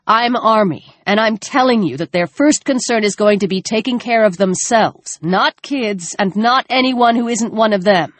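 Pleading soldier, male, desperate and urgent, woman reader doing the voice, pushed up high and loud. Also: normal speed, few pauses.

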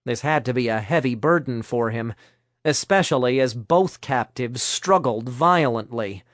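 A man at middle pitch narrates an audiobook, telling the story in a brisk, even way. The recording is dry and close-miked.

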